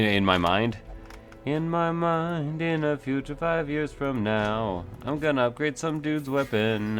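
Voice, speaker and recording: A man hosting a let's play, thinking aloud in a rambling, self-mocking way with many fillers. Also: on the low side. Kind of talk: casual gameplay commentary.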